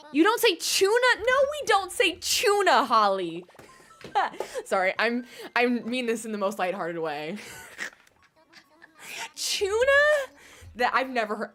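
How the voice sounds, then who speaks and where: A young woman with a medium-pitched, fairly bright voice streams a game and chats casually with her viewers. She's giggly and bubbly, reading out chat and musing over how words should be pronounced.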